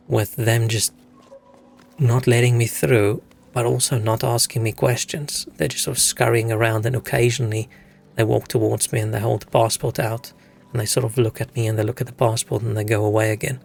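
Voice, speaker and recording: A man's voice: medium pitch, vocal fry, darkish tone, slight background noise. A young man from Africa, chatting casually and swearing as he tells stories while streaming a game. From South Africa. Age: young adult. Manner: rambling, swearing storyteller. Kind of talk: casual chat while gaming.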